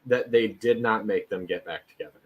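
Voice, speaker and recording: A man's voice: lowish voice, fairly quick, lo-fi sound. Earnest man, casual podcast co-host.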